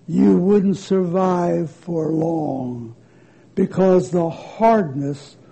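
Brief: gentle old potter played by a man, hushed, very slow, gravelly. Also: high-pitched, heavily acted. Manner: soft, calm, reassuring. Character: patient, gentle old male potter, the master.

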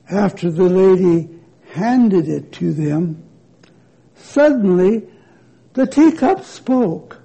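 Very slow, gravelly male storyteller. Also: high-pitched, expressive, warm tone, poor audio. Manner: measured, deliberate delivery.

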